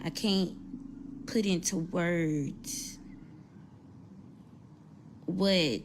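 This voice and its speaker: Slow, gravelly-voiced mother near tears. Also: fairly low pitch, a little hiss or hum. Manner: slow, halting, holding back tears. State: tearful. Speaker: mother sharing news. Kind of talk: emotional personal account.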